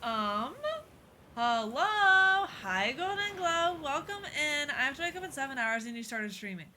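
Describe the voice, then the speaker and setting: A young woman chatting casually with viewers during a game live stream, bubbly and quick to laugh. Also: sits high, expressive, bright, forceful tone, slight background noise.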